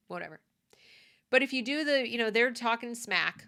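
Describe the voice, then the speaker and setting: A woman's voice: a little high, animated, fairly quick, pushed and bright, smooth. A woman delivering a conversational opinion monologue, emphatic and prone to repeating her points. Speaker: commentator.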